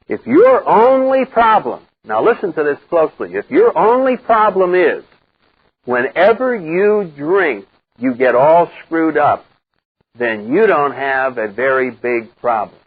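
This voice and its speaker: An older man speaking to a live recovery group, blunt and wry, acting out the voices he quotes in a lively way. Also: fairly high pitch, a little slow, husky, dry recording. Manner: animated storyteller who acts out quoted voices, wry and blunt. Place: meeting room with a live group. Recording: dull lo-fi 1990s cassette recording.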